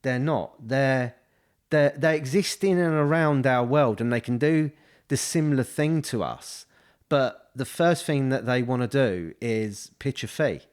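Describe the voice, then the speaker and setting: A man's voice: medium pitch, measured pace, clear, resonant tone. A man co-hosting a casual podcast, rambling through his points with many restarts and fillers. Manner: rambling, full of restarts and "you know". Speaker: podcast co-host, estate agent. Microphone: studio podcast mic.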